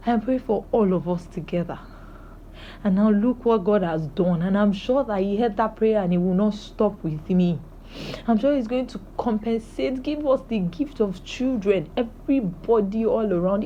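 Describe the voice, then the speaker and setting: A woman's voice: mid-range voice, highs cut off, slight background noise. A young woman speaking to camera in an emotional, joyful personal video diary, praising God. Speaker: vlogger.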